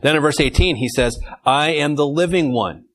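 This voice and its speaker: A man's voice: on the high side, normal speed, a bit bright, low-quality recording. A man leading an informal Bible study, reading verses and taking questions from his group in a conversational way.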